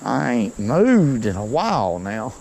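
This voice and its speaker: A man, giving excited, folksy commentary to viewers while he fishes a creek outdoors. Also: mid-range voice, takes it slowly, vocal fry, slight background noise, poor audio. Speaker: fishing vlogger.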